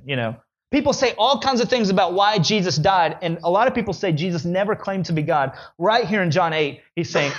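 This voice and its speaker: A man preaching a sermon in an animated way, his voice climbing high when he voices the questioners. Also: fast, muffled recording.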